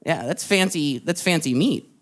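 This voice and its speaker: A young man doing stand-up, telling a story in an animated way, laughing along and jumping into loud put-on voices. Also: on the high side, normal speed. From Texas. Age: young adult. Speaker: stand-up comedian. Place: live comedy club stage.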